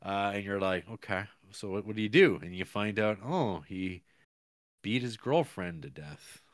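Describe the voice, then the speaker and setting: A man co-hosting a casual film podcast, rambling and acting out characters in quick voices. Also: fairly low pitch, dry recording. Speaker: podcast co-host. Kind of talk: casual chat about a film.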